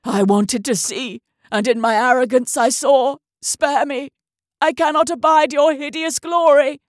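A woman's voice: high voice, fairly even intonation, measured pace, dry recording, studio quality. A woman voicing a terrified male doctor who sobs, raves and pleads as visions drive him mad. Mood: anguished pleading. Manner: sobbing, raving and pleading.

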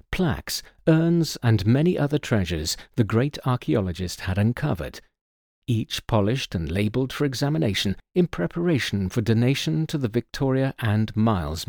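A man narrating a mystery story in a scripted, expressive storytelling manner. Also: mid-range voice, no echo, clean studio sound.

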